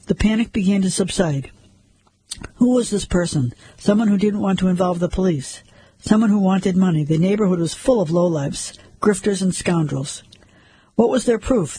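A man narrating a crime story like an audiobook, measured and suspenseful. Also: high voice, mellow, slightly rough, no room sound, poor audio.

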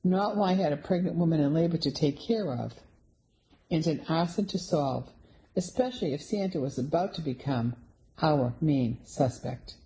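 A woman reading a first-person mystery novel aloud in a wry, even storytelling manner. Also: deep voice, normal speed, low-quality recording. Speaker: audiobook narrator. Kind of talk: first-person audiobook narration.

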